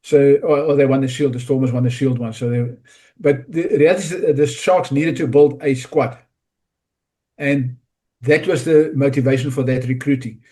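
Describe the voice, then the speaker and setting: A man's voice: mid-range voice, steady tone, normal speed, warm tone. A man talking rugby analysis in a casual podcast chat, often restarting and repeating words. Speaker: rugby pundit.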